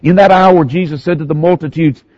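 A male pastor preaching a sermon, telling the story with animated swings from hushed to raised delivery. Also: a little high, fairly quick, muffled recording.

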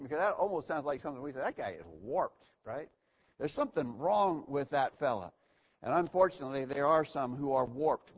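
A man teaching an evening Bible lesson to a church, earnest and repeating key phrases for emphasis. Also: a little high. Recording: dull lo-fi recording.

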